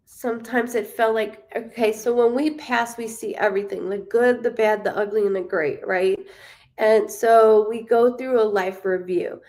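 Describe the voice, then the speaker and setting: A woman giving a live psychic reading. She speaks haltingly, with frequent ums and self-corrections, and apologizes to her viewers and reassures them. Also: on the high side, steady tone, a little mellow. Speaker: psychic medium. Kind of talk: live-streamed spirit reading.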